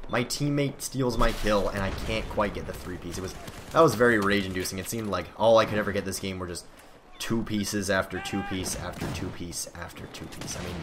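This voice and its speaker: Talking a little fast in a low voice, a teenage boy narrates his gameplay in a casual, rambling, self-deprecating way. Loud video game gunfire fills the noisy background.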